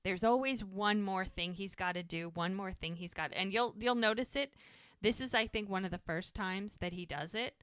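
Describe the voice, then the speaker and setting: A woman's voice: mid-range voice, moderate pace, a bit bright, clean tone, no echo. Woman podcast host gabbing through a recap, does little voices for the characters, dry close mic. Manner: retells scenes acting out characters' lines. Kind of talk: casual recap chat.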